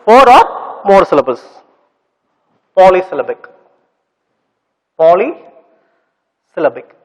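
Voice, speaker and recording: High-voiced teacher, echoey. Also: male voice, lively intonation. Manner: slow, repetitive, drills sounds syllable by syllable. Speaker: English teacher. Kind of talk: classroom lesson for children. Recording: long reverb.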